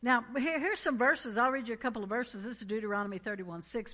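A woman's voice: fairly high pitch, quick pace, a bit bright. A woman preaching a sermon in an emphatic, conversational way, reading scripture and prompting the congregation to respond.

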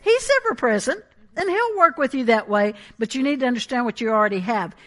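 A woman preaching a sermon in an animated, emphatic way, with asides and laughs. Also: on the high side, a little fast.

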